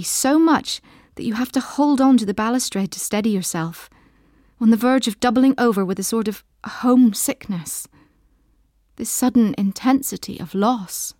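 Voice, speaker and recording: A woman narrating a quiet second-person story in a soft, intimate voice of middle pitch. She sometimes sinks to a near whisper on tender moments. The recording is dry and close, with no room sound. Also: measured pace, no echo.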